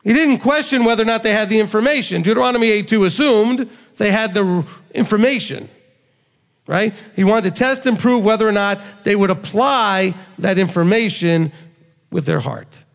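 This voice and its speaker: Man, bible teacher, high voice, gravelly, conversational sermon, acts out quotes, long hall reverb. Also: normal speed.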